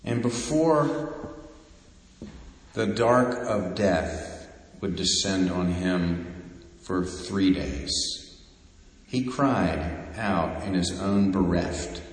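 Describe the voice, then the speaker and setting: Slow-preaching man in an echoing hall. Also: deep voice, animated. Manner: slow, deliberate, rising to fervent emphasis. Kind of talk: sermon. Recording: echoey hall with long reverb.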